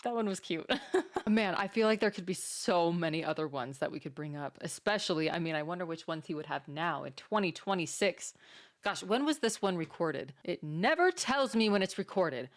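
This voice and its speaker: Giggly female reaction host, chatty and amused, slightly low voice. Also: lively intonation, normal speed. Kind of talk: casual reaction commentary.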